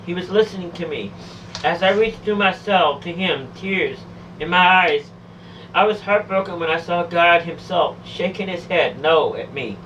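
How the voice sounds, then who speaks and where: A woman's voice: fairly low pitch, moderate pace, a bit bright, distant mic, slight background noise, rough recording. A woman telling a first-person testimony of a near-death experience, pleading, emotional and repetitive.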